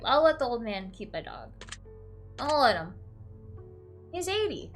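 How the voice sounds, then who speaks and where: A woman's voice: fairly high pitch, a little slow, faint music behind. A young woman playing a game, reading its questions aloud and reacting with emotion, often saying "like" and "literally", tearful at times. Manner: emotional, swings from flat to teary and laughing. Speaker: let's play streamer.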